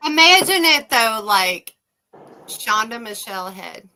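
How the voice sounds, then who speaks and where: A woman, co-hosting a casual livestream chat, a loud, laughing, salty storyteller. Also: fairly high pitch, sing-song, takes it slowly, rough recording. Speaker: co-host.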